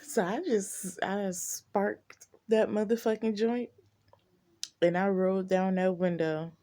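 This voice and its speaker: A woman telling a casual storytime vlog to her viewers, profane and animated, talking to them as y'all. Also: mid-range voice, takes it slowly.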